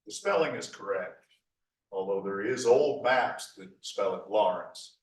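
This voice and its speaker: A man's voice: lowish voice, animated, measured pace. A middle-aged man giving a rambling, folksy local history talk over slides. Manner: folksy, rambling, full of 'uh' restarts. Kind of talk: slide lecture with asides. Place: lecture hall. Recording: echoey hall from far off.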